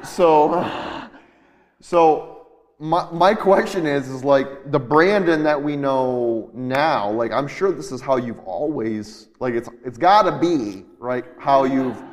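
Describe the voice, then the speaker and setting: A man's voice: mid-range voice, slow, big-room sound. A man interviewing a guest for a faith-based conversation, asking long, searching questions full of fillers.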